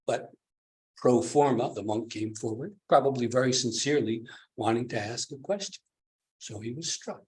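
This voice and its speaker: A man gives a dharma talk at a meditation retreat, chuckling frequently and repeatedly asking his listeners "do you see?" His mid-range voice has lively intonation and a moderate pace.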